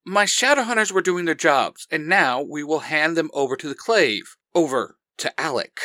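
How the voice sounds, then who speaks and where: A man's voice: a little high, animated, moderate pace, sharp tone, no room sound, studio quality. A man voicing a confident male hunter commander who gives orders in an upbeat, authoritative way. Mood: commanding.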